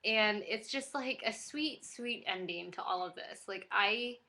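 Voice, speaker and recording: A woman's voice: mid-range voice, a little slow, pushed and bright. A young woman vlogging casually to camera, gushing and giddy with lots of fillers.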